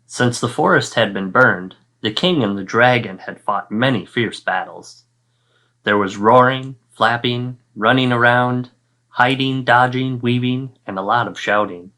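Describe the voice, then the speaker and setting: A male fourth-grade teacher reads a children's picture book aloud, telling the story expressively and acting out the sound effects. His voice is mid-range and his pace measured.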